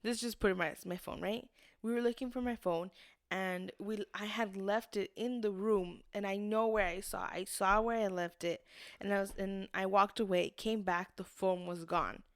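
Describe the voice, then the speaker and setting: A woman's voice: medium pitch, steady tone, moderate pace, no echo, studio quality. A young adult woman co-hosting a podcast in casual chat, telling stories and acting out what people said. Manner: rambling storyteller, acts out quotes. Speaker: podcast co-host.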